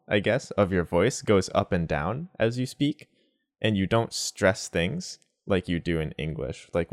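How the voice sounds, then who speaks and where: A man teaching pronunciation in a casual lesson, explaining slowly with examples and mixing in Japanese words. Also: deep voice, dry recording, clean studio sound. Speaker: language teacher.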